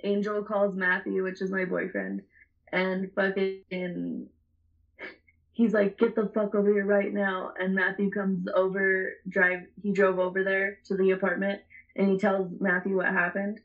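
A woman's voice: medium pitch, flat delivery, unhurried, phone-quality sound. A young adult woman telling a story in casual chat, rambling and swearing, often breaking into laughter.

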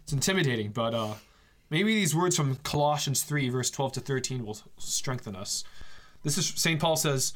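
A man's voice: medium pitch, lively intonation. Jokey male podcast host. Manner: jokey and laughing, quick asides. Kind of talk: casual faith podcast chat.

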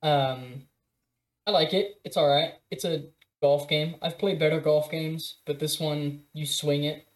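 Relaxed young man, roomy echo. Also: fairly high pitch, unhurried. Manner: relaxed, trails off and restarts, chuckles. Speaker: podcast co-host. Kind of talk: casual chat.

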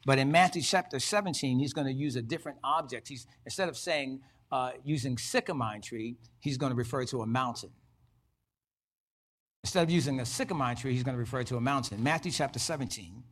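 A man's voice: mid-range voice, a bit bright. A man preaching a sermon as pastor, repeating key phrases and breaking in with short praises.

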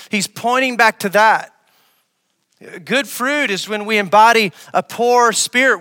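A man preaching a sermon as pastor, asking the congregation questions and repeating phrases for emphasis, swinging from loud, raised lines to quiet, low ones. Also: long reverb tail. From West Africa.

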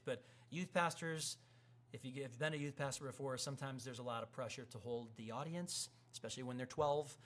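A man in his thirties, a pastor preaching a sermon and acting out quoted voices. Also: medium pitch. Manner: animated, acts out quoted voices.

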